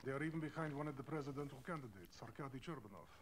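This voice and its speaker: A man's voice: medium pitch, animated, racing, slight background noise, close to an everyday voice. An actor with a put-on Russian accent playing a formal male Russian intelligence officer in a spy video game, rolling his R's. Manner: stiff, formal, rolls every R.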